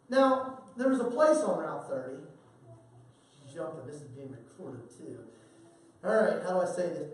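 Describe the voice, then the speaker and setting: A man preaching a sermon in a church, folksy and animated, with humorous asides and stories. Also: high-pitched. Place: church sanctuary. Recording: very echoey hall from far off.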